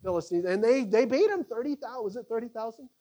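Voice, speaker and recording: A man teaching a Bible study to a group, animated and conversational, with frequent halting restarts. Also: very high-pitched.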